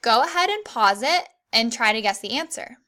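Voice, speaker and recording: A young woman teaching an online grammar lesson to children, clear and encouraging, reading the examples slowly. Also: on the high side, animated, sharp tone.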